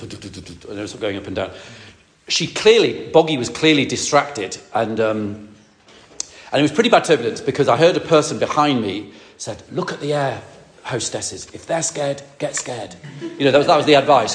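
Rambling priest telling a story. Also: male voice, medium pitch, slight background noise. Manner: rambling, self-correcting storyteller with asides to the congregation. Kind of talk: sermon with personal story.

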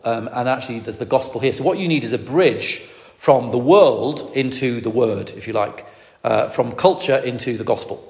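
A man's voice: mid-range voice, a little hiss or hum. A man from northwest England, an evangelist teaching in a rambling storytelling way with many restarts. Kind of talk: sermon teaching. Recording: echoey hall.

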